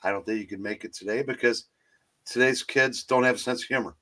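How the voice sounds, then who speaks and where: Rambling, halting man on a movie stream. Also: medium pitch, fairly even intonation, sharp tone. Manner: rambling, halting, with many restarts. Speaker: co-host of a movie talk stream. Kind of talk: casual chat. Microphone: streaming call mic.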